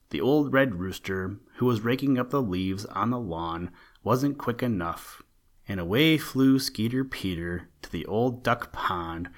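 A man hosting a podcast, reading a children's storybook aloud in a gentle, lilting manner and giving the characters little voices. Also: sits low, moderate pace.

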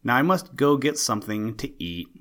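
A man's voice: mid-range voice, animated, moderate pace, a bit bright, close to an everyday voice. A man voicing a sly, cheerful female bobolink in a storybook, teasing and knowing.

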